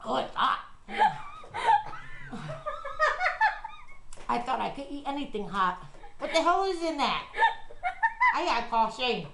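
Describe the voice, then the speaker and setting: A middle-aged woman taking on a food challenge in a casual home vlog, loud, excitable, laughing and swearing. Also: high-pitched, moderate pace, vocal fry, background noise. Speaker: vlogger doing a food challenge. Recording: echoey room.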